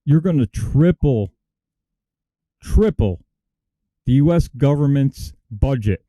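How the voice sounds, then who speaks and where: Dark-voiced indignant man. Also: mid-range voice, expressive, slow pace, dry recording. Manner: emphatic, indignant. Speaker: talk show co-host. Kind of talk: casual political talk.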